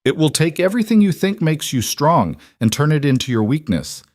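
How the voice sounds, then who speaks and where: A man voicing a stern, deliberate alpha king. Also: fairly high pitch, sing-song, a little mellow, dry recording, studio quality, voice pushed up. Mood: grave. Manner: slow, deliberate, ominous. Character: stern male alpha king, grave and commanding.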